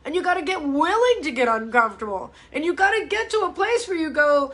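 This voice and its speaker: Woman, fitness coach, live-stream pep talk, blunt, fired-up, swears, high voice. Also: very animated, fairly quick, hardly any pauses, fairly bright tone. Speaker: fitness coach hosting a live ask-me-anything show. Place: home, speaking to a live audience online.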